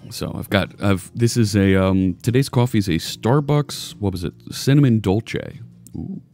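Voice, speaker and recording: A man's voice: lowish voice, moderate pace, warm tone, soft background music. A man hosting a casual live coding stream, chatting loosely and joking with viewers as he works. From United States. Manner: rambling, chatty, jokey.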